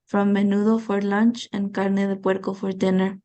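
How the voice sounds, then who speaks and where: A woman's voice: medium pitch, level tone, mellow. Woman from Mexico reciting poetry. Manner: measured recitation, switching between English and Spanish. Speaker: student guest. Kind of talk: poetry reading.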